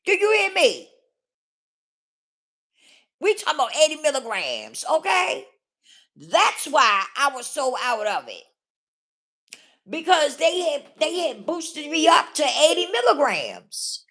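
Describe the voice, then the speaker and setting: A woman's voice: high voice, very animated, slow pace, pauses often, a bit bright. A woman vlogger telling a personal story straight to her viewers, blunt and profane, checking in with "okay?" and "do you hear me?". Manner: emphatic, talks straight to viewers with frequent 'okay?' and 'do you hear me?'. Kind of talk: candid storytelling monologue.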